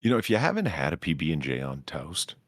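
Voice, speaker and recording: A man's voice: extremely low pitch, huge pitch swings, quick pace, no room sound, studio quality. A man in casual podcast chat, fussy and stammering when exasperated.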